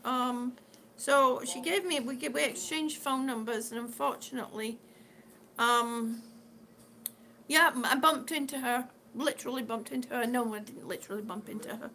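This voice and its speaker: A woman's voice: fairly high pitch, moderate pace, pushed and bright. A middle-aged woman chatting casually on her live stream, rambling and answering viewers' comments as she goes. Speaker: vlogger living with lung disease.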